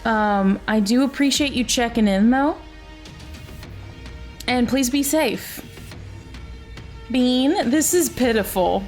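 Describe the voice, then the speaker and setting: A woman streamer chatting casually during a livestream, giddy and laughing often, a little high, and talking to her cat now and then. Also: slow, long pauses, a little mellow, soft background music. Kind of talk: casual livestream chat while knitting.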